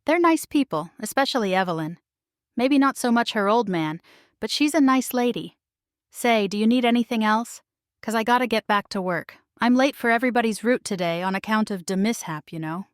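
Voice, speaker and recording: A gruff, gravel-voiced delivery driver, played by a woman, wary and defensive as he mutters his answers. He is heard in a dry audiobook reading with no room sound. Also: fairly quick, no room sound, natural voice. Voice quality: low gravelly voice.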